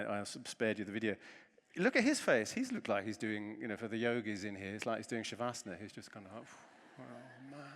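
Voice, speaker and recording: Male conference speaker, mid-pitched, animated and self-mocking, recorded in a reverberant hall. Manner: animated, self-deprecating storytelling. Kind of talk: conference keynote talk. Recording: long reverb of a large hall.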